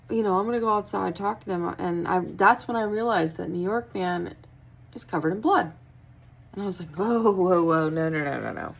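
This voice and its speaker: A woman's voice: lowish voice, darkish tone. A young woman who works at a hotel, telling a story in a blunt, casual way with plenty of swearing and a tired, wry tone. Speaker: hotel worker.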